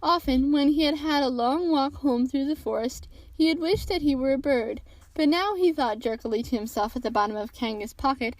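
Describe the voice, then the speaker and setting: High-voiced woman reading a storybook. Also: brisk, darkish tone, no echo, poor audio. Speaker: podcast storyteller. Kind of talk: storybook read-aloud narration.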